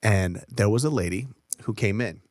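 A man co-hosting a podcast, chatting casually and telling animated, profane stories. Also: fairly low pitch, normal speed, dry recording, clean studio sound. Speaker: podcast co-host. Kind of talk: casual chat.

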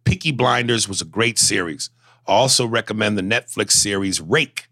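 A low-pitched man co-hosts a podcast in loose, animated, profane chat. He tells stories with plenty of swearing and reads listener messages out loud. The sound is close and dry, with no room around it. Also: normal speed, no room sound. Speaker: podcast co-host. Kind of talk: casual chat.

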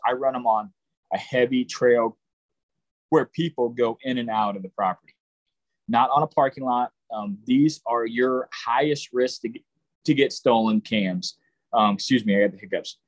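A man's voice: medium pitch, dry recording, poor audio. A man giving a casual, plain-spoken lesson on deer hunting, with frequent ums and restarts. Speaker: hunting instructor. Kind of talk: casual instructional talk.

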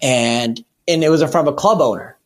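Comedian guy on a podcast, rambles, honest and loose, slightly high voice. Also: fairly quick. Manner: rambling and candid, with self-corrections. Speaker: guest comedian. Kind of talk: casual podcast chat.

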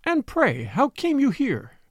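A man's voice: extremely high pitch, wildly swooping pitch, takes it slowly, slightly rough, dry recording, pitched above the performer's own voice, heavily acted. A man voicing a distraught young noblewoman in an audiobook, pleading and tremulous. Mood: demanding. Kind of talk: audiobook character reading.

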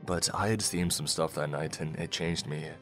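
Very deep-voiced man narrating horror. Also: fairly even intonation, fairly bright tone. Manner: low, measured storytelling. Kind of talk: first-person horror story narration. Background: faint music.

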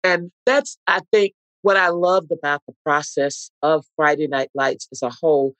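A woman's voice: low voice, normal speed, fairly bright tone, no room sound, rough recording. A middle-aged woman telling heartfelt stories as a guest in a podcast interview, acting out what people said. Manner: heartfelt, earnest storytelling with acted-out quotes. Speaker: actress guest.

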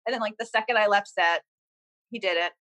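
This woman from Cambridge, Massachusetts, who created a TV series, speaks brisk and a bit bright at medium pitch. The interview talk is loose and meandering, full of "um" and "like" fillers, captured on a low-quality recording.

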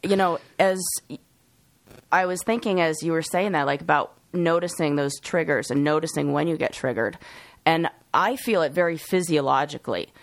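A woman co-hosting a podcast, talking openly about her own feelings with halting restarts. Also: low voice, no room sound. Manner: open, confessional, halting with restarts. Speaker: podcast co-host. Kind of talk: casual podcast chat.

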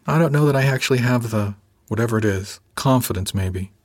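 A man voicing a thoughtful woman ship's officer who speaks quietly and reflectively. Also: mid-range voice, brisk, close to an everyday voice.

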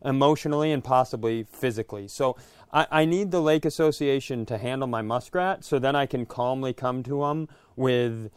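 A man's voice: mid-range voice, normal speed, smooth, no room sound. A man co-hosting a comedy podcast in casual chat, telling stories in an exasperated, self-mocking way.

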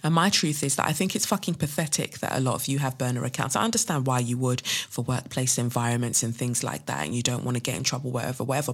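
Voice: medium pitch, a bit bright. A podcast host who reads out a listener's letter, then rants bluntly, swearing and firing off rhetorical questions. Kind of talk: solo podcast monologue, reading a listener letter and ranting.

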